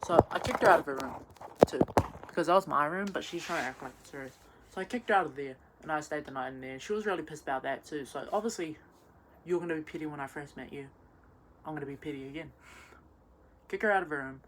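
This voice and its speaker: A woman's voice: sits low, fairly quick, a little hiss or hum. A young woman, drunk, rambling through a messy personal rant with many restarts and stumbles. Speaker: vlogger.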